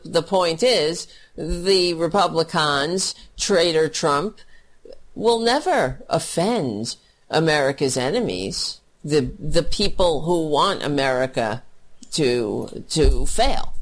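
A commentator delivers an angry political rant, crude and scornful. The talk is slow and halting, full of restarts. The pitch sits in a middle range. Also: vocal fry.

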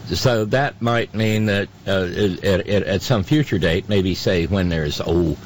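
A man hosting a talk radio show, giving political commentary in a halting, sarcastic way full of fillers. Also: low-pitched, a little hiss or hum.

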